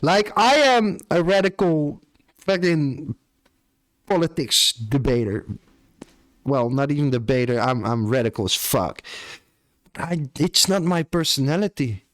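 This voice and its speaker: Young Australian man, unhurried live-stream chatter, dry close sound, casual and profane. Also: fairly high pitch, expressive, no room sound. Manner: laid-back, swears casually, often ends lines with "bro".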